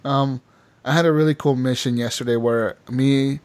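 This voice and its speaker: A man hosting a casual gaming podcast, telling animated stories and laughing often. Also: mid-range voice, moderate pace. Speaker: podcast host. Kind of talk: casual chat.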